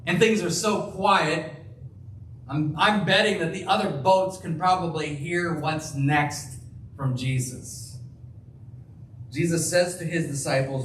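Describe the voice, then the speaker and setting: Slow, emphatic preacher in a roomy church. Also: male voice, a little high, a bit bright, a little hiss or hum. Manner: slow, emphatic, acts out quoted lines. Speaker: pastor. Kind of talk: sermon. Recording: roomy, distant church sound with faint ambience.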